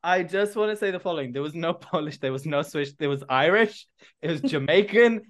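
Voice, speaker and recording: A man hosting a podcast, running a playful improv game and giving quick directions to his guests. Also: a little high, expressive, a crowd in the background. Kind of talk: casual banter with guests.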